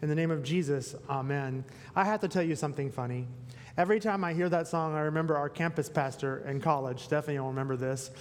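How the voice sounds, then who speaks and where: A male pastor giving a sermon, playful and animated, with asides and questions to the congregation. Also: on the high side, fast talker. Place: church sanctuary. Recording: long reverb of a church hall.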